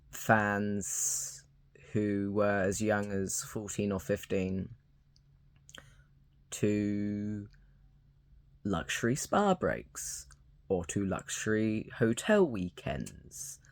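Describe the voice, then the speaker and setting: Halting, slow-talking young man. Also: fairly low pitch, gravelly. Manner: hesitant, halting, with many fillers and restarts. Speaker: YouTuber. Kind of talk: unscripted talking-to-camera commentary.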